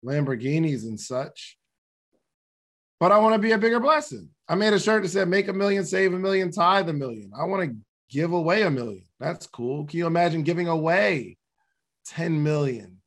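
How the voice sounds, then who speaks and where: A man's voice: fairly high pitch, animated, moderate pace, fairly bright tone. A man hosting a podcast, giving casual motivational talk, repeating his key questions and laughing at himself. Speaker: podcast host.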